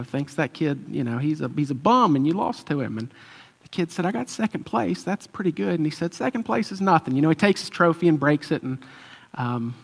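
A man with a slightly high voice gives a relaxed, chatty sermon. He tells the story loosely, with small fillers and easy chuckles. His voice rings out with a long echo in a church hall. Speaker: preacher. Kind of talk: conversational sermon.

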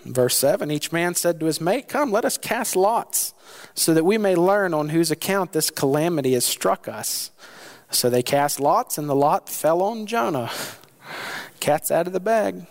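Man, sermon delivery, animated and lively, slightly higher voice, voices the sailors with big jumps in pitch. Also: unhurried, creaky. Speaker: pastor.

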